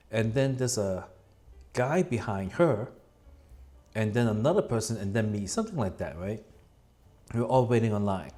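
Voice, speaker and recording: A man's voice: on the low side, warm tone. A man talking casually in a rambling vlog, telling stories and acting out what other people said. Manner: chatty storyteller acting out quoted people in raised voices. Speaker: vlogger. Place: at home near a computer.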